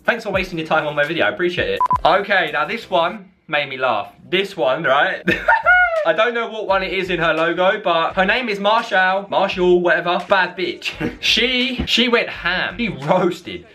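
A man's voice: high voice, animated, moderate pace, few pauses, background noise. A young English man vlogging casually, cheeky and slangy, often laughing as he reacts to comments. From England. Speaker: YouTuber.

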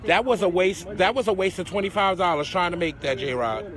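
A man's voice: high-pitched, fairly quick. A man hosting a casual live stream outdoors on a city street and filmed on a handheld phone. He talks in a sassy, dramatic way, full of endearments and swearing. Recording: busy street crowd noise.

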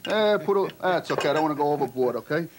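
A man's voice: on the high side, expressive, fast, noisy background. A man, a chef, chatting and joking as he cooks in a restaurant kitchen, often tagging his sentences with "okay?". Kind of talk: casual chat while cooking.

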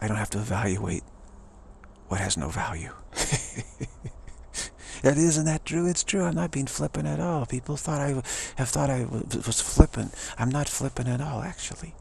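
Speaking at a moderate pace in a mid-range, gravelly voice, a middle-aged man gives a rambling, eager pep talk. He repeats himself frequently and chuckles a lot.

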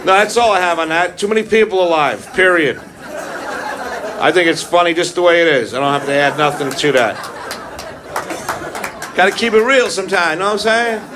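Heard with background noise, this male comedian's voice sits a little high. He works a club stage live with a handheld mic, delivering a profane, confrontational stand-up set of aggressive punchlines as the crowd laughs loudly.

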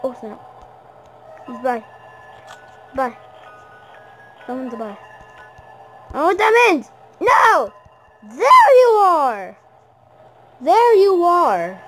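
Jumpy high-voiced woman gaming. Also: rough recording. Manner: jumpy, exclaiming, yelling at game characters. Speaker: gamer. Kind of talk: horror game let's-play commentary.

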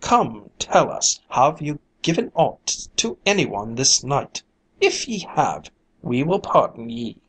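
A reader voicing a stern king in a storybook, measured and grave. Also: mid-range voice, sing-song, husky, full character voice, poor audio. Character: stern king passing judgment.

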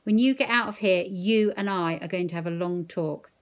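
A woman's voice: lowish voice, normal speed, close to an everyday voice. A woman reading aloud as a stern, worried father with a firm delivery.

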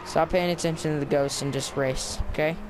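A man's voice: a little high, steady tone, brisk. A man giving casual, sarcastic let's-play commentary while grumbling at the game. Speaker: gameplay commentator. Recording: clear background noise with game car sounds.

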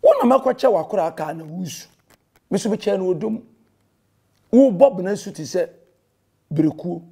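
A man's voice: sits high, animated, moderate pace, creaky, warm tone, slightly rough. A Ghanaian man, a pastor, delivering a heated and confrontational rebuttal that scolds a rival and mixes in English phrases.

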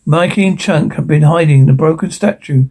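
A man's voice: fairly high pitch, a little mellow, breathy edge. A man reading a film script aloud, stumbling and correcting himself as he goes. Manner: halting, self-correcting. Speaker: reader.

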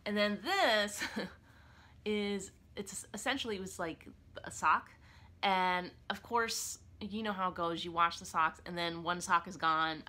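A woman's voice: on the low side, bright, forceful tone. A young woman clarinetist talking casually in her apartment, showing her gig bag with lots of fillers and restarts. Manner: chatty, many fillers and restarts. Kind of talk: casual show-and-tell vlog.

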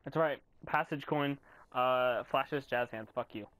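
A young man giving casual commentary while playing a video game, swearing and yelling in frustration. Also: medium pitch, unhurried, a little hiss or hum. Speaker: gamer commentator.

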